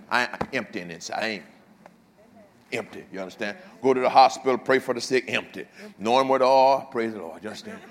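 An older pastor preaching a sermon, swinging from loud passages to hushed ones, with humorous asides to the congregation. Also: male voice, mid-range voice, long reverb tail. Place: church.

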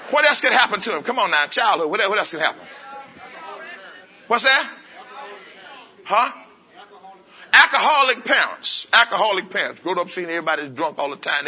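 High bright-voiced man preaching to a crowd. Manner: coaxing call-and-response, drawing answers from the room; repeats phrases in quick bursts. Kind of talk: interactive sermon demonstration. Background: congregation voices and laughter.

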